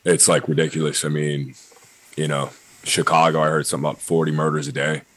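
Man, very low voice, young adult, american, casual podcast talk, blunt and swearing a lot. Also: flat delivery, brisk. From United States. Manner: blunt and profane, lots of fillers. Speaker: podcast guest.

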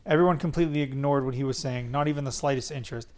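Talking rapid-fire in a mid-range voice, this podcast host reads from a memoir in a relaxed way. He keeps the reading plain, then stops to crack jokes about the text.

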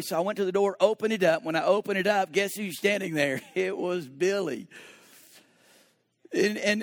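A man who is a pastor, preaching a sermon and telling a story, moving between hushed, slow moments and lively, animated stretches. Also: sits high, no room sound, studio quality.

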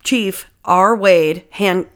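A woman's voice: medium pitch, very slow, fairly bright tone. A woman co-hosting a casual podcast, swearing freely and laughing often as she stumbles through reading a case. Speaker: podcast co-host.

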